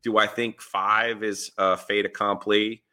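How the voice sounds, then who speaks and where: A man's voice: lowish voice, level tone, unhurried, bright, forceful tone, clean tone. A man from New Jersey co-hosting a sports podcast, explaining things in a wry, chatty way. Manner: explanatory, wry, acts out quoted reactions. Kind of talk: casual sports chat.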